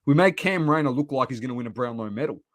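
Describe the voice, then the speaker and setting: A man with an Australian accent co-hosting a casual sports podcast, animated and laughing as he rants about footy. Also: medium pitch, quick pace. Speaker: podcast co-host.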